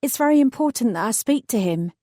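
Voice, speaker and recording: A woman voicing a breezy young fairy godmother who speaks brightly and politely in an audiobook. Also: fairly high pitch, animated, fast talker, no echo, studio quality, pitched above the performer's own voice. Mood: cheery.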